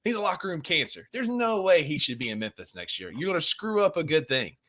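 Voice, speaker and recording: Bright, emphatic podcast co-host man. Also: fairly high pitch, big pitch swings, quick pace. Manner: emphatic, opinionated. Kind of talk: casual sports podcast chat.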